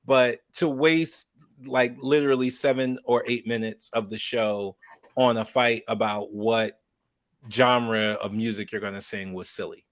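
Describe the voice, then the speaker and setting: Slow-talking man in casual chat. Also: mid-range voice, fairly even intonation, dry recording. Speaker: podcast co-host.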